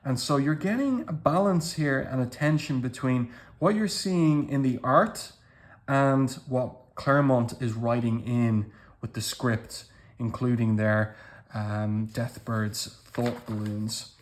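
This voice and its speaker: A man's voice: mid-range voice, takes it slowly. A man giving casual commentary as he walks through comic book pages panel by panel, with appreciative remarks.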